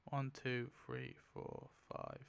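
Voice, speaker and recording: A young man commenting casually as he spins a wheel, excitable, laughing often and swearing. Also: medium pitch, slow pace, vocal fry, slight background noise. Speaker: YouTuber spinning a wheel. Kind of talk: casual commentary while playing.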